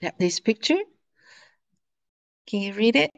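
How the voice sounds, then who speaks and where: A woman teaching a language class, repeating words slowly and patiently for her students. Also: mid-range voice, expressive, vocal fry, rough recording.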